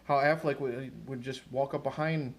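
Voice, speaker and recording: A man's voice: medium pitch, steady tone, moderate pace. A young man hosting a casual livestream chat, crude and jokey, laughing often. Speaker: livestream host.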